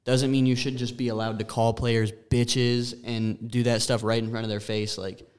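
A man's voice: medium pitch, flat delivery, normal speed, smooth. A man co-hosting a sports podcast, easygoing and weighing both sides of an argument. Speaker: podcast co-host. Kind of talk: casual sports chat.

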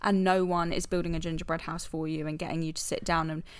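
A woman's voice: sits low, level tone, fast talker, smooth, no room sound. Chatty British woman podcaster, dry sound. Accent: British English. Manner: chatty, frank, swears casually. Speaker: podcast co-host. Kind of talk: casual chat.

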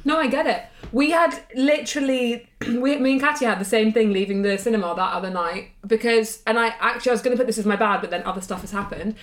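A pregnant woman co-hosting a podcast, telling stories in a lively way and swearing freely. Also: a little high, quick pace, hardly any pauses, roomy sound. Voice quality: swears freely, animated storyteller. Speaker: podcast co-host. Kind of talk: casual chat.

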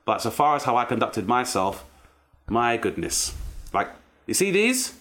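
A man in his thirties with a London accent, a comedian telling animated stories in a casual interview. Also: medium pitch, a little slow. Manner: animated storyteller, acts out strict relatives. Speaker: comedian guest.

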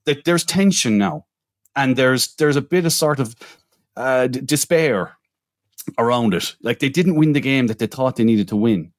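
A man co-hosting a casual podcast, walking through old match events at length. His voice sits at an ordinary pitch and is recorded dry and close, with no room sound. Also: lively intonation, moderate pace, no room sound. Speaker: podcast co-host. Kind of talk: casual chat.

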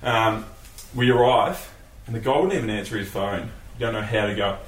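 A man telling a travel story in a relaxed casual chat, laughing and swearing. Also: lowish voice, moderate pace. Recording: roomy echo, distant mic, faint ambient noise.

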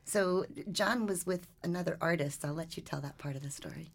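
A woman reporter, a regular on the podcast, reading and then telling a ghost story in a lively, animated way. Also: fairly low pitch, fairly quick, creaky. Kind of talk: storytelling and casual chat.

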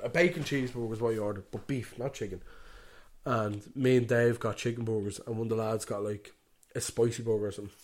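A man's voice: medium pitch, darkish tone. Young Dublin Irish man, podcast co-host; chatty, laughing storyteller who acts out quotes. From Ireland. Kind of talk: casual chat.

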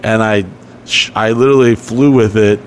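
A man with a lowish, steady voice at a normal pace tells long, rambling, profane stories on a podcast, laughing as he goes in a casual storytelling chat. There's a slight hiss or hum in the audio.

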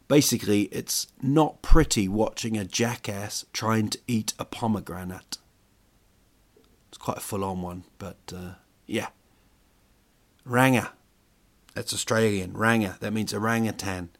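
A man with a fairly low voice rambles through a joking monologue as host. He wanders, fills pauses with "um" and stretches of thought, and keeps it loose and comic. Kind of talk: casual comedic monologue.

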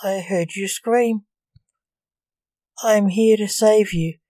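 A woman voicing a bored, lonely female hotel ghost who speaks politely and formally, in an unhurried way. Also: medium pitch, fairly even intonation, dark tone, no room sound, lightly acted.

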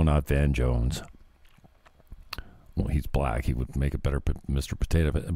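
Male podcast host, low voice, lively swings, dry close sound, sarcastic rambling. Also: no room sound. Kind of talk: casual political commentary.

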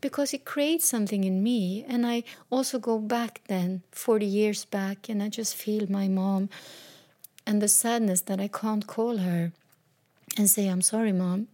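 A woman in her fifties giving a slow, reflective personal talk, speaking openly and emotionally. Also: medium pitch, fairly even intonation, dark tone.

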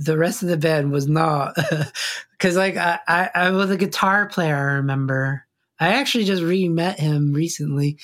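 A middle-aged man, a musician, telling a personal story in a loose, casual way, full of fillers and frequent laughs. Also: a little high. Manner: rambling, filler-heavy, laughs often.

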